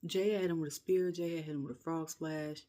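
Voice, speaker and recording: A woman's voice: low-pitched, moderate pace. Chatty woman ranting casually. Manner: chatty, rambling, animated, laughs often. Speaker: wrestling reviewer. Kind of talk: casual rant review.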